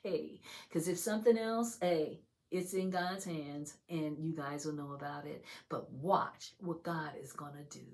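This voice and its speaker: Woman, religious testimony, chatty, exuberant, hushed whispers, many fillers. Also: deep voice, normal speed, hardly any pauses. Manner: exuberant, shifts between loud excitement and hushed whispers. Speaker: video host sharing testimony. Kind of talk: emotional religious testimony and prayer.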